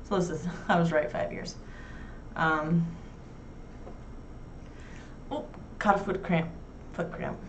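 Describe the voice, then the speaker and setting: A young woman from New York hosts a casual chat show, talking with blunt, crude, self-mocking humor. Her voice sits a little low and comes from some way off the mic. The room gives it a roomy echo, with a faint hiss underneath. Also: steady tone, slow, pauses often. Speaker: talk show host. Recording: roomy echo, heard from far off.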